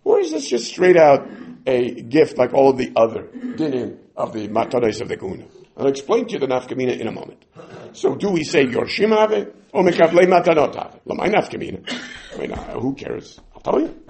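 Animated, gravelly man teaching Talmud. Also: medium pitch. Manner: animated, acts out the sages and side characters in quick voices. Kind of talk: Talmud lesson.

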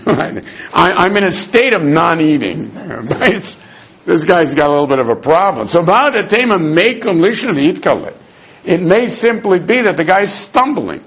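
A man teaching a Talmud lesson in an argumentative, animated way, dropping in Aramaic terms and restarting his sentences. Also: sits high, normal speed, husky. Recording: dull lo-fi recording.

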